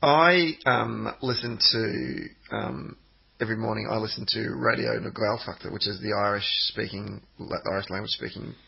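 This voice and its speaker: Man, podcast co-host, gravelly fry, excitable banter, laughs a lot. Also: on the low side, normal speed. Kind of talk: casual football chat. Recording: dull lo-fi podcast audio.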